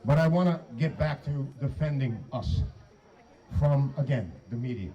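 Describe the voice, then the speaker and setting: A man giving a shouted, emphatic and profane speech to a crowd at an outdoor protest. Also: mid-range voice, expressive, normal speed, dull audio. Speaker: protest speaker. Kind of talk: rally speech.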